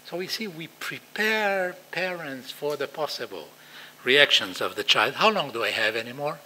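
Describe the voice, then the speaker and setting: An older man with an Israeli accent giving a lecture to practitioners, acting out quoted voices in an animated way. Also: fairly high pitch, normal speed, low-quality recording. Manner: animated, acts out quoted voices, non-native phrasing.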